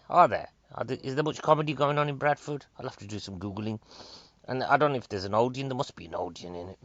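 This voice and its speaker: A stand-up comedian with a Northern English accent gives a rambling monologue, chatty and excitable, constantly drifting to new subjects. His voice sits at an ordinary pitch, and the recording sounds dry and slightly dull.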